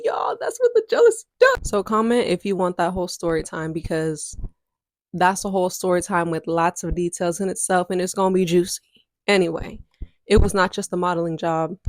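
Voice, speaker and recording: A woman's voice: fairly low pitch, no room sound, studio quality. Chatty young woman telling her story. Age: 20s. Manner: chatty and candid, addresses viewers as y'all. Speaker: content creator. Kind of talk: casual storytime vlog.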